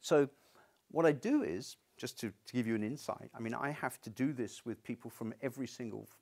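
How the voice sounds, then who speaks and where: A man's voice: mid-range voice, lively intonation, a little fast, creaky, a little mellow. A man giving a university lecture in a conversational, unscripted way, often restarting his sentences. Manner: conversational, stubborn-toned, frequent restarts.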